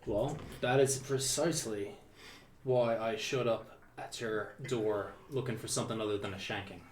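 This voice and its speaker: A man playing a tabletop game who talks quickly, with restarts. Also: lowish voice, fairly even intonation, slight background noise. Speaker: player. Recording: roomy sound from a distance.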